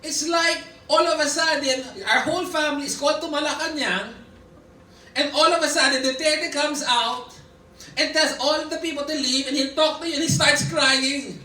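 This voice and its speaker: A man with a Filipino accent preaching a sermon, telling a scripture story in a lively way and slipping in Tagalog asides. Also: very high-pitched, moderate pace. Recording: echoey room picked up from a distance.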